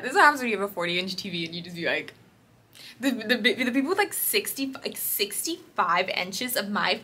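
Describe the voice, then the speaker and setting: A woman's voice: medium pitch, unhurried, bright, forceful tone. Young woman vlogger, chatty and rambling, faint room hum behind. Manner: chatty, rambling, laughing often. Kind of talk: casual vlog chat. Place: home, indoors. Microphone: phone or camera held close. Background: air conditioner hum.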